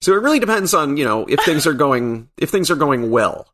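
A man's voice: fairly high pitch, very animated, brisk, fairly bright tone. A man being interviewed as a comic book writer, speaking thoughtfully with a dry, wry sense of humor. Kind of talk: casual podcast interview.

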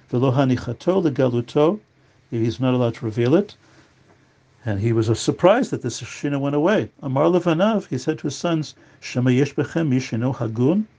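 A man's voice: mid-range voice, mellow, muffled recording. A man teaching a religious law lesson, reading each line of Hebrew aloud and then explaining it in English. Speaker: Torah teacher.

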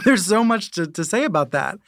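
A middle-aged man in an animated podcast conversation, quick and given to repeating words. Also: high-pitched, dry recording, studio quality. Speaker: media reporter and podcast co-host.

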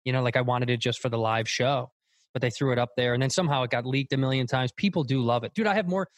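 Brief: male comedian guest, rapid rambling talk, candid, dry close mic. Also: medium pitch, dry recording. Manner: fast, rambling, frank. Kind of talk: casual podcast chat.

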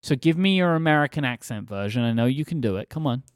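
A British man with a mid-range voice co-hosts a podcast, talking fast and animatedly while joking with and teasing his co-host. He laughs often, and the studio recording is clean with no echo.

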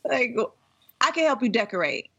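A woman co-hosting a podcast, chatting in a relaxed way about a TV episode. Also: on the high side, moderate pace, vocal fry, muffled recording, crowd noise. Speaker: podcast co-host. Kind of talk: casual chat recapping a TV episode.

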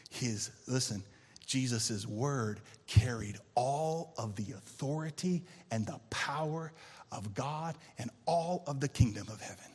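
A man's voice: medium pitch, a little mellow, husky. Preaching man in a reverberant hall. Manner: preaching with rising and falling intensity, calling for amens. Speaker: pastor. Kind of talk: sermon. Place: church sanctuary.

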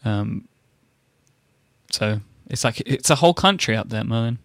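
A British man in casual conversation, talking haltingly with dry understatement. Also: medium pitch, animated, a bit bright, no room sound. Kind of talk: casual chat.

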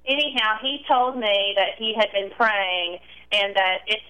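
A woman guest telling a long personal story in an interview, animated and acting out quoted dialogue. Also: mid-range voice, a little slow, smooth, low-quality recording. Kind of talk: recounting a past relationship in an interview.

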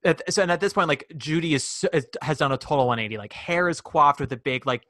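A man co-hosting a casual chat about a musical, animated and acting out quoted lines. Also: fast, no echo. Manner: animated, acts out quoted lines in high voices. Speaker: podcast co-host.

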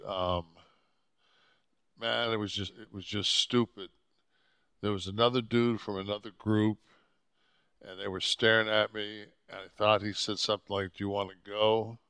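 A man co-hosting a podcast into a studio mic, with a deep voice, rambling and cursing often as he chats casually. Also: bright, forceful tone, clean tone, no room sound. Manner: rambling, swears often, restarts a lot. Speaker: podcast co-host. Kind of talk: casual profane chat. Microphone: podcast microphone.

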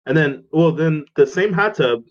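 A man's voice: a little high, moderate pace, highs cut off, slight background noise. A young man casually telling a story as a podcast co-host, acting out the people he quotes in a raised voice. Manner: animated, acts out quotes in a raised voice.

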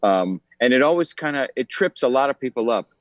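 Expressive and a little fast, a mid-range male voice belongs to a forty-something actor guesting on a podcast. The casual interview finds him thoughtful, with many ums and restarts; the audio has no room sound and is dull and slightly lo-fi.

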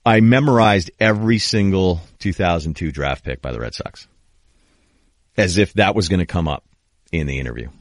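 A man in his thirties hosts a podcast in a casual, rambling storyteller's way. His voice sits very low. The sound is dry and close, with no room around it. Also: moderate pace, no room sound. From New England. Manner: rambling, storytelling with many fillers and restarts. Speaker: podcast host.

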